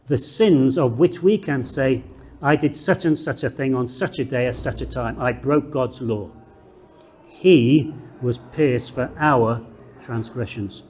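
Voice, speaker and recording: A man giving a slow, deliberate theology lecture in a classroom, reading scripture aloud and stressing key words. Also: mid-range voice, dark tone. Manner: slow, deliberate, emphatic delivery with measured pauses.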